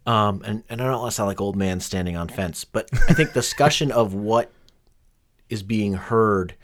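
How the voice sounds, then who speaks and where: A man's voice: on the low side, moderate pace. A man co-hosting a casual music chat, enthusiastic and joking, slipping into silly voices. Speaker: podcast co-host.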